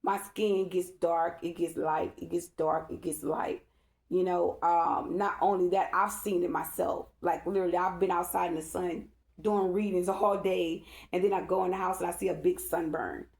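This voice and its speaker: A woman's voice: on the low side, fairly even intonation, moderate pace, creaky, a little mellow. A woman, a spiritual reader, telling a rambling, emphatic story to her followers and often checking in with "okay?". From Dallas-Fort Worth area, Texas. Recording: echoey room.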